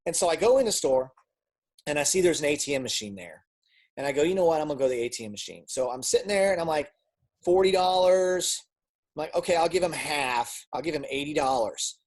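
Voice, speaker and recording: A man giving a personal testimony as a guest speaker, telling a story with lively acted-out dialogue and frequent repeated words. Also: on the high side, quick pace. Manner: animated storytelling, acts out dialogue; repeats words when restarting.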